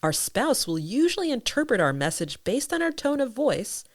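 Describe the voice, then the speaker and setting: A woman's voice: a little high, sing-song, normal speed, dry recording. A woman hosting a podcast in casual chat, who laughs often and talks with animation. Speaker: podcast host.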